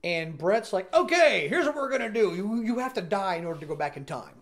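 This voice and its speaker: A man's voice: high voice, a little fast. A man casually telling a funny story about a film shoot, laughing often and acting out the people he quotes. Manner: animated, laughing, acts out quoted voices. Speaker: podcast guest actor.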